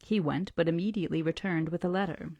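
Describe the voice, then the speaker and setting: A woman reading a classic novel aloud to her book club, slow and deliberate, slipping into soft whispers for effect. Her voice sits low and mellow, and the sound is dry and close. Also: dry recording.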